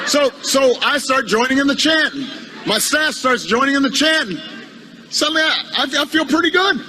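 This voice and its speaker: A man, a politician, telling a humorous anecdote in a speech, halting and repeating words with a wry storytelling manner. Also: very high voice, expressive, a crowd in the background, background noise.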